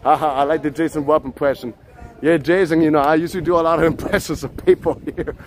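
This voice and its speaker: A chatty man streaming live on a busy city street, with his voice sitting a little high for a man. A faint hum of traffic runs behind him as he laughs and answers viewers. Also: steady tone, fast talker, darkish tone. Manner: chatty, laughs often, reads out chat. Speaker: livestream host. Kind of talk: casual live street vlog.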